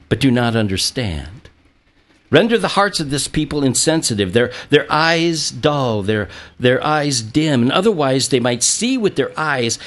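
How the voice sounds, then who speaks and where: A man preaching a sermon, reading scripture and retelling it in an animated way, with frequent restarts and small chuckles. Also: unhurried. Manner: animated, acts out quotes with a jumping pitch; stammering restarts, chuckles now and then. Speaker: pastor.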